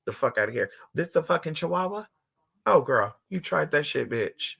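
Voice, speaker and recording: A man's voice: expressive, moderate pace, creaky, a bit bright, slightly rough. A man talking to his viewers in a brash, profane, dramatic way, acting out the people and dogs in his story. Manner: swings between high squeals and low mutters. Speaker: livestream host.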